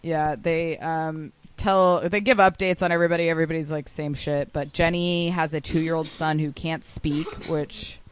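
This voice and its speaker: Woman co-host, slightly low voice, blunt and sarcastic, swears casually. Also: steady tone, moderate pace, hardly any pauses, clear, resonant tone. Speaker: podcast co-host. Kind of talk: casual gossip chat.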